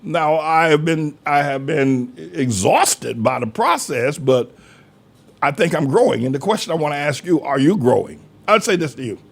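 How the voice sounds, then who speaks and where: Gravelly older preacher, folksy. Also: male voice, on the high side, animated, moderate pace. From North Carolina. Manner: folksy preaching, acts out quoted voices. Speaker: pastor. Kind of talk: sermon.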